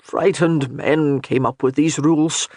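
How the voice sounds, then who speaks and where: A man reading as a kindly old Highland priest who reassures with light humor. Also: fairly even intonation, unhurried, darkish tone, no room sound, studio quality. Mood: reassuring.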